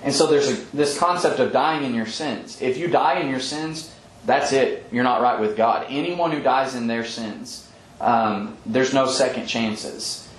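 A man leading a Bible study, explaining scripture earnestly with frequent pauses and ums, often quoting verses. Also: medium pitch, a little hiss or hum. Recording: echoey room with faint ambience.

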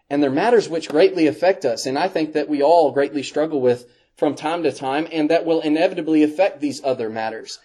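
Mellow-voiced man preaching a sermon. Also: medium pitch. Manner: earnest, emphatic repetition with slow stressed phrases.

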